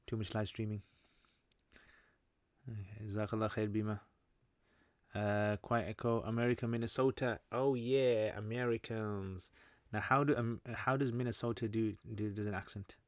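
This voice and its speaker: A man's voice: fairly low pitch, dry recording. A British man hosting a casual livestream Q&A, chatty and joking, explaining Arabic terms as he reads through viewer comments. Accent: British English. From Britain. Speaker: livestream host answering chat.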